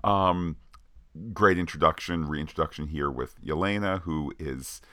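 A man with a very low voice that still comes across bright and forceful, recorded dry and close. He co-hosts a podcast in a chatty, playful way, full of "uh"s and asides. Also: a little slow, no room sound. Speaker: podcast co-host. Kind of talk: casual chat.

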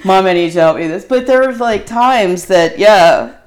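A woman's voice: mid-range voice, animated, normal speed. A middle-aged woman telling an embarrassing story in casual chat, rambling and laughing as she goes.

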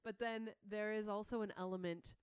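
A woman's voice: medium pitch, fairly even intonation, normal speed, clean tone, no echo. A woman co-hosting a podcast in casual chat, explaining her thinking in a thoughtful, analytical way. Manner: thoughtful, analytical, reads quotes aloud. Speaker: podcast co-host.

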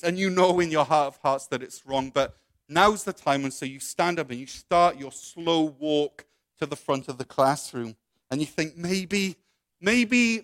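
A man delivers a sermon as a story told straight to the listener, then moves into prayer. His voice sits a little high. The sound is dry and close, with little room in it. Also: no echo. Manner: storytelling, second person, with soft quoted voices. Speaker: preacher.

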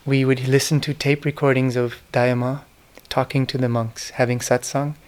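An earnest man with a smooth, clear, mid-range voice lectures reflectively on spiritual history at normal speed, with little pitch movement. He tells devotional stories, quoting names in a soft whisper.

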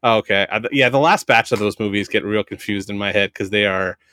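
A man's voice: fairly low pitch, a little fast. Rambling, profane man in casual chat. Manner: rambling, profane, excitable, lots of fillers. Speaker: podcast co-host. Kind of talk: casual movie review chat.

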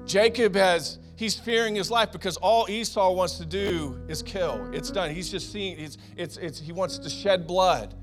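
A middle-aged man preaching a sermon, telling personal stories in a lively, conversational way and calling the congregation "guys". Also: high voice, a little slow, hardly any pauses, faint music behind. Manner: storytelling, animated and conversational, addressing the congregation as "guys". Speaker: pastor.

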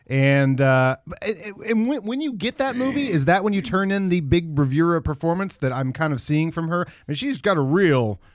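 A man's voice: fairly high pitch, animated, normal speed, few pauses, no echo, clean studio sound. A man co-hosting a casual movie podcast, musing and rambling with restarts. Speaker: podcast co-host.

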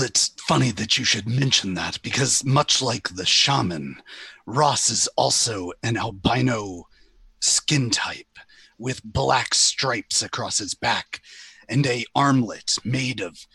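Slow, gravelly man at a gaming table. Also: mid-range voice, lively intonation, sharp tone, no echo. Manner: slow, wry, in-character asides. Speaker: player. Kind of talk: casual tabletop play.

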